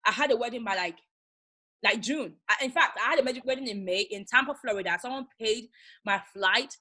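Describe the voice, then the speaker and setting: Fast, bright-voiced woman telling stories. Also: fairly high pitch. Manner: animated storyteller, acts out callers. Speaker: guest, makeup artist. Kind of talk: casual chat, storytelling.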